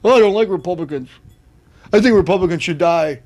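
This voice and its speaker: A man's voice: sits high, quick pace, a little mellow, natural voice. A man putting on a mocking voice of a whiny, empty-headed grown woman with a fake Southern drawl.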